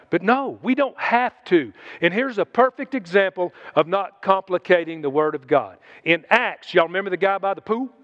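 A man's voice: sits high, lo-fi sound. A man preaching a sermon in a folksy, conversational way, mixing in humor.

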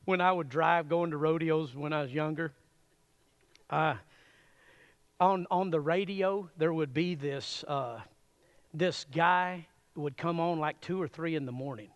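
Folksy preacher, higher-pitched man. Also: a little slow. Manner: animated, folksy, chuckles often, addresses crowd as y'all. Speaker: pastor. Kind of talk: sermon. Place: church.

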